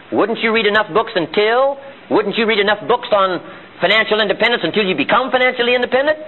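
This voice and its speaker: A man giving a live motivational seminar in a meeting room. He is emphatic and fires off rhetorical questions. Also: high voice. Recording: tinny lo-fi archival seminar tape.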